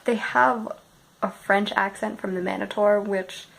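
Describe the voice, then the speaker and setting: Sleepy, gravelly young woman vlogger. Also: medium pitch, fairly even intonation, measured pace, slight background noise, rough recording. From Canada. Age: early 20s. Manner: soft, drifting, often half-whispered. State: unwell, sleepy. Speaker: book vlogger. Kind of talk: sleepy casual musing.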